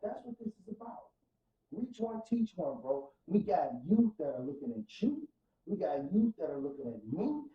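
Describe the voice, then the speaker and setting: A man's voice: sits high, very animated, normal speed, muffled recording. Fervent St. man, roomy distant sound. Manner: fervent, preacher-like, swings from soft to loud. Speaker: podcast guest. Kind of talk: emotional testimony in casual podcast talk. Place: podcast studio room.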